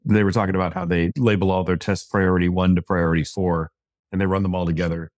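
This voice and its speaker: Low-voiced man sharing work anecdotes. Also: level tone, fast, darkish tone, dry recording, clean studio sound. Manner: anecdotal, storytelling. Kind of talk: casual panel discussion.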